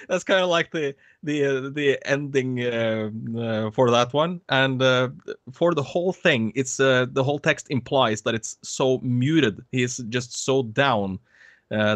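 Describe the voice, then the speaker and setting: A man's voice: medium pitch, a bit bright, dry recording. A man being interviewed about his voice acting work, talking casually with many hesitant fillers and frequent laughs. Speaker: voice actor guest.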